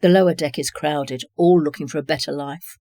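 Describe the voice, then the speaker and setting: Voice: medium pitch, fairly even intonation, fairly quick, warm tone, dry recording, clean studio sound, lightly acted. A reader voicing a friendly, cheerful young man with a Belfast accent in an audiobook. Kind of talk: audiobook reading.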